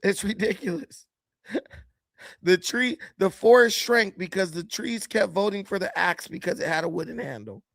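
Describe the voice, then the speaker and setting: A man's voice: high voice, animated, moderate pace, gravelly, a bit bright, no room sound. A man hosting casual political commentary, mocking and laughing, with slangy speech and repeated words. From United States.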